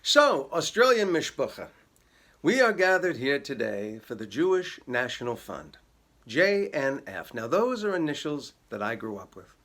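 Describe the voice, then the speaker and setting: A man's voice: medium pitch, unhurried. A middle-aged man, a comedian, telling jokes about his upbringing in a dry, storytelling way. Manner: sings a jokey novelty song, then deadpan storytelling. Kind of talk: comic song with guitar, then stand-up.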